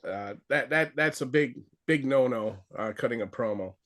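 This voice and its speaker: A man who trains wrestlers, giving casual advice and telling stories from his past in an animated way. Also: medium pitch, normal speed. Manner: animated storyteller, acts out quotes in a raised voice.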